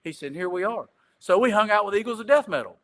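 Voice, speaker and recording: A man's voice: high voice, animated, fast, a bit bright. A man telling a long casual story as a podcast guest, rambling and repeating "I said," swearing casually. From Greenville.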